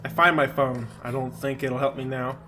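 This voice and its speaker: A man's voice: mid-range voice, steady tone, normal speed, pushed and bright, a little hiss or hum. A young man co-hosting a podcast, reading a horror story aloud with hammy emphasis and bursts of laughter. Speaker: podcast co-host.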